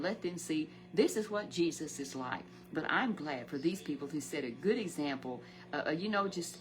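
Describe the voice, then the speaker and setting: A woman's voice: on the low side, low-quality recording. Homely woman telling a Bible story. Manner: repetitive, stumbling, homely exclamations.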